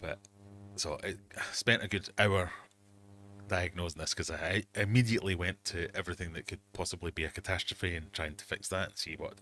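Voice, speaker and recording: A man's voice: deep voice, bright, forceful tone, slight background noise. A middle-aged man hosting a casual livestream from his home fish room, telling rambling, self-mocking stories. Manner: rambling, self-mocking storytelling with quoted asides. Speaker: livestream host.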